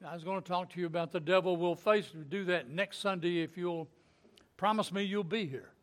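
Male preacher with a high voice, folksy and joking, delivering a Sunday sermon. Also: fairly quick, fairly bright tone. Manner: folksy, joking asides with chuckles.

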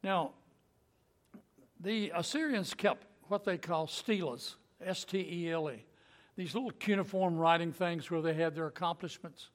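A man's voice: on the high side, a little slow. A man teaching a Bible story in a folksy, conversational way, acting out the quotes and chuckling as he goes. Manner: folksy, animated retelling with acted quotes and chuckles.

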